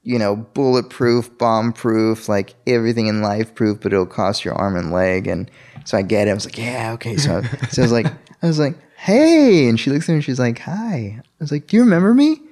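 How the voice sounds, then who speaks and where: A man casually telling a personal story and acting out the dialogue with big jumps in his voice. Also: brisk. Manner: animated, acts out quoted dialogue with sharp pitch jumps.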